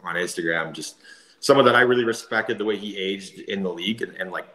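A Canadian man in his thirties, a former player, telling animated stories full of fillers and laughter. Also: sits low, brisk, reverberant, low-quality recording. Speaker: guest, former hockey player. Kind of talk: casual storytelling.

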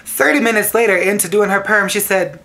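A woman's voice: mid-range voice, fairly quick, bright, forceful tone. Sassy, exasperated woman hairstylist venting. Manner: sassy, exasperated, laughing storyteller. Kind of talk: venting storytime to camera.

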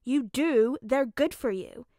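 Lady doing a bossy grumpy little kid, kinda high, loud and pushy. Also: animated, slow pace, no echo, studio quality, full character voice. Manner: blunt, grumbling, insult-prone. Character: stubborn bossy little boy, grumbling. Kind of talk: fanfic audiobook reading.

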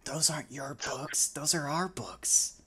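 A man voicing a nosy, foul-mouthed little girl who asks wary, hushed questions. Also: a little slow, a crowd in the background, close to an everyday voice. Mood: suspicious. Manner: hushed, wary questioning that rises to a shrill yell.

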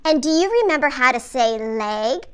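A woman's voice: sits high, lively intonation, moderate pace, smooth. A woman voicing a cheerful little girl puppet who teaches in a sing-song, encouraging way in a children's puppet lesson. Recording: children's music playing behind.

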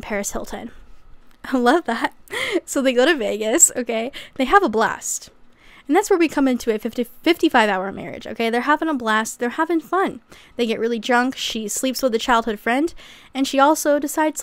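A woman's voice: on the high side, normal speed, no room sound. A young woman recapping a memoir in a casual, chatty way, with sarcastic asides and acted-out quotes. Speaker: YouTuber.

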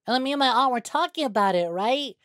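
A young woman streaming a game, chatting casually with viewers, excitable and quick to swear. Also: high voice, dry recording, studio quality. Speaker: VTuber streamer. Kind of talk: casual gameplay stream chat.

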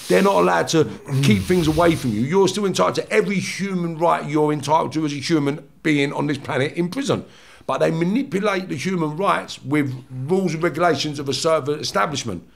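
A man's voice: fairly high pitch, gravelly. A London man, a former prisoner, telling stories bluntly with lots of swearing and restarts. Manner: blunt, swearing, rapid restarts, acts out confrontations. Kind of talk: heated podcast storytelling.

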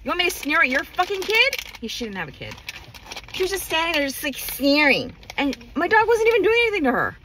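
A woman's voice: extremely high pitch, wildly swooping pitch, brisk, pushed and bright, a little hiss or hum. A woman ranting furiously to camera, swearing a lot and hammering her points home. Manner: furious, profane, emphatic. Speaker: vlogger. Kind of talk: angry rant to camera.

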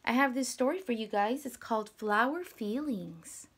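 A young woman teacher reading a picture book aloud to children, gentle and dropping to whispers, asking them questions. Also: a little high, moderate pace, breathy edge.

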